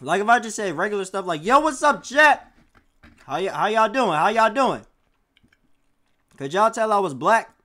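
A man's voice: sits high, lively intonation, normal speed, pauses often, bright, forceful tone. A man streaming live, chatting casually with his viewers in loose slang, swearing and firing questions at the chat. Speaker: streamer reacting to a video.

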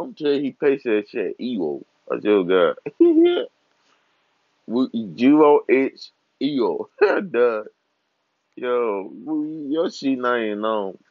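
Slow trash-talking young man, lo-fi. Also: medium pitch, no room sound. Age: 20s. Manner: trash-talking, laughing, swearing freely. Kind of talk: casual profane rant. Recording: dull lo-fi recording.

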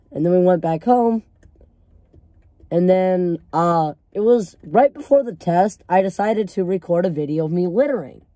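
Teen boy vlogger, warm mellow tone, dry close sound, rambling and swearing. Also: sits high, no echo. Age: teenager. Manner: rambling, filler-heavy, swears freely. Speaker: storyteller. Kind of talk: casual storytime vlog.

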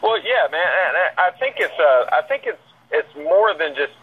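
A man's voice: a little high, very animated, moderate pace, breathy edge. A man from Georgia with a Southern accent, chatting casually as a podcast guest and saying "man" often. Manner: easygoing, repeats words and fillers like "man". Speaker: guest, paranormal investigator. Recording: tinny phone line.

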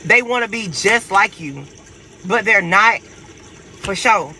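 Casual tarot vlogger, male, high bright voice, brash and profane, light hiss behind. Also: slow, rough recording. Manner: profane, animated, laughs a lot. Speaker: tarot reader. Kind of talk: casual tarot reading for viewers.

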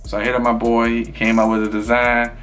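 Man, streamer, rambling casual chat, mid pitch, faint music behind. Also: monotone, fairly quick, fairly bright tone. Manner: loose, rambling, full of fillers.

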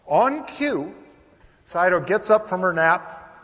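An older man giving a keynote speech at a conference, telling a story in a lively way and often pausing on fillers. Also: sits high. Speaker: keynote speaker. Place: large conference hall. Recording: long hall reverb.

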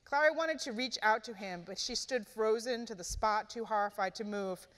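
A woman author reading her novel aloud at a live event, with steady, expressive narration. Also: a little high, normal speed. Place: event hall. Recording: echoey hall, live event.

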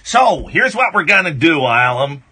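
A man's voice: on the high side, sing-song, normal speed, pushed and bright, breathy edge. A man hosting a late-night phone-in radio show, rambling and joking, with bursts of mock outrage. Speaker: radio host. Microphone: studio mic.

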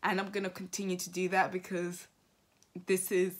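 Speaking at a normal speed in a low, monotone voice, a woman in her twenties reflects on her birthday in a vlog recorded on a camera mic. She's an entrepreneur and vlogger, and her heartfelt talk to the camera brings her near tears at moments, with phrases repeated for emphasis.

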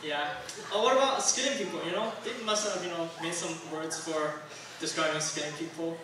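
A man's voice: fairly high pitch, a little fast, noisy background. A young man from Taiwan doing a stand-up comedy set, rambling and self-deprecating with lots of fillers, on a club stage. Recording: very echoey room, distant mic.

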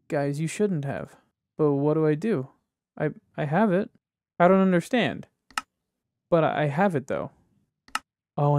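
Young male let's-player, self-deprecating and swearing, slightly high voice, light background hiss. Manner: excitable, self-mocking, swears often. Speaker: gaming YouTuber. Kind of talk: casual let's-play commentary.

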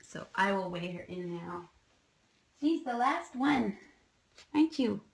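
A woman talks slowly and casually on a home livestream, narrating her foster kittens. She slips into soft, cooing baby talk with them, and her voice sits at an ordinary middle pitch. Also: expressive, vocal fry, low-quality recording.

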